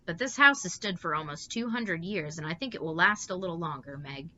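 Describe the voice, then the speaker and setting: A woman voicing a calm, practical mother who reassures her children briskly and lightly. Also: on the low side, lo-fi sound, a little hiss or hum.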